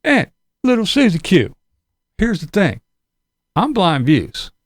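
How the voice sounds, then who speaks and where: A man's voice: sits high, big pitch swings, slow pace, no room sound, clean studio sound. A middle-aged man giving a sarcastic, mocking rant to his channel, repeating his points over and over. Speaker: YouTube commentary vlogger. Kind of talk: ranting casual commentary.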